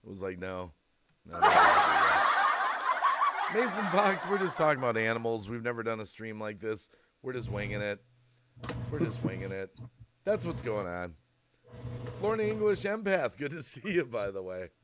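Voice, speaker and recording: A man hosting a casual livestream chat, telling animated stories and often laughing through them. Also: fairly low pitch, a little fast, background noise. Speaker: livestream host.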